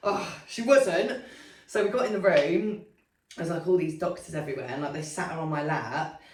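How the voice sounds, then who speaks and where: A woman's voice: low-pitched, normal speed, slight background noise. A young woman, co-hosting a podcast and telling a story in candid, casual chat full of swearing and fillers. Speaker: podcast co-host. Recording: roomy sound from a distant mic.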